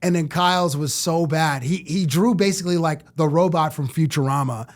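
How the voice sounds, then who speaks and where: A middle-aged man from Canada, a sports TV personality, telling lively stories as a guest in a casual interview and acting out what people said. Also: a little high, moderate pace. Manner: animated storyteller who acts out quotes.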